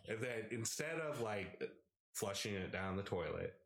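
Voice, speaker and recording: A young man telling a rambling, profane story in casual podcast chat, peppering it with "like" and "right?" and shouting out the lines of the people in it. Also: on the low side, sing-song, normal speed. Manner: acts out quoted people in a raised, shouting voice. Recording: echoey room.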